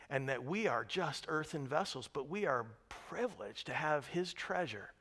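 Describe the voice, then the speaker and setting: A man preaching a sermon as pastor, swinging from hushed, quiet words to loud, shouted storytelling. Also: high-pitched. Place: church sanctuary. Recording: reverberant church hall.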